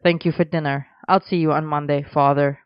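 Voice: medium pitch, fairly even intonation, a little fast, clear, resonant tone, no room sound, lightly acted. A reader voicing an earnest, protective young man who speaks firmly, in a dry, slightly dull recording.

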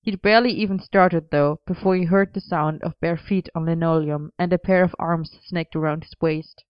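A woman reading a story aloud as narrator, gentle and even. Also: fairly low pitch, normal speed, clear, resonant tone, dry recording. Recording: dull lo-fi dry recording.

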